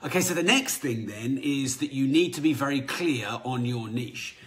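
Energetic man hosting a podcast. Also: mid-range voice, moderate pace. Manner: energetic, conversational, self-correcting. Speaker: podcast host. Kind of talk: motivational business talk.

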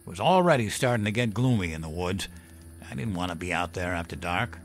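A man voicing a gruff old male storyteller who drinks, talking in a folksy, profane, chuckling way. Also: deep voice, expressive, fairly quick, faint music behind. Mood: gruff storytelling.

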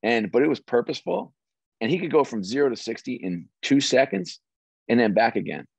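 A middle-aged man, a former sports executive, telling stories as an interview guest in an animated, restarting way. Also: medium pitch, fairly quick, creaky, breathy edge, no room sound. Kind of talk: casual interview storytelling. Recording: dry, slightly dull audio.

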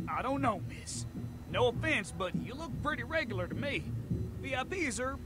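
An actor playing a slow-witted, suspicious male bouncer in a video game, speaking in a folksy way. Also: very high-pitched, big pitch swings, very noisy.

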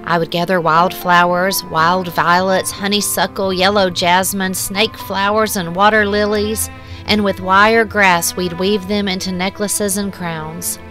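A woman reading a short story aloud in a measured, hushed, wistful way. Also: mid-range voice, little pitch movement. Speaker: story narrator. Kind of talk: scripted storybook narration. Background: soft music.

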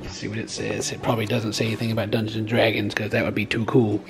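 Young dad talking quiet at home on camera, jokey, music playing under. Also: male voice, lowish voice, completely flat delivery, fast, gravelly. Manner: soft-spoken, often hushed around the baby, jokey. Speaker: vlogger, new father. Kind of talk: casual family vlog chat. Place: home with a baby.

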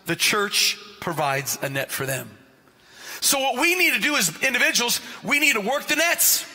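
A male pastor with a very high-pitched voice preaches a sermon at a moderate pace, an animated storyteller who cracks jokes and calls out listeners by name. The church sanctuary adds its long reverb to the recording.

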